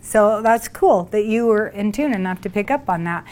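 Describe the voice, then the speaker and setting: A woman leading a workshop tells stories to a small group in a chatty, animated way. She acts out what she once said and laughs along with the room. Her voice sits in a middle range. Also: medium pitch, moderate pace. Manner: chatty, animated, laughs while acting out her own past words. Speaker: workshop leader. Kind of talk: storytelling talk to a group.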